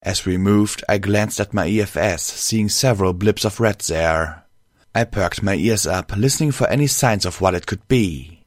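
A man narrating a fan story in a measured, unhurried reading voice. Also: on the low side, dry recording, studio quality.

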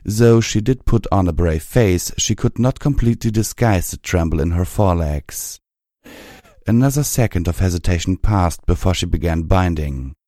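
Deep guy reading a fan story, mellow dark voice, dry close sound. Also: expressive, moderate pace, no echo. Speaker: audiobook reader. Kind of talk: fan fiction narration.

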